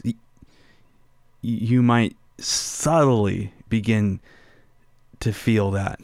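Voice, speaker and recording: A man preaches a relaxed sermon at a slow, unhurried pace, speaking to listeners as if chatting with them. He often asks them questions and turns quiet and slow on his main points. The sound is dry and close, with no room echo. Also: lowish voice, gravelly. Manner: drops soft and slow on key phrases. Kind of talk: sermon with personal story.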